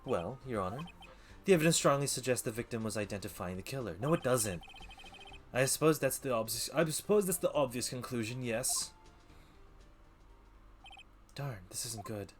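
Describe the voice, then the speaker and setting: A man voicing a cold, smug young male prosecutor who talks low, clipped and haughty. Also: animated, moderate pace, pauses often, soft background music, close to an everyday voice.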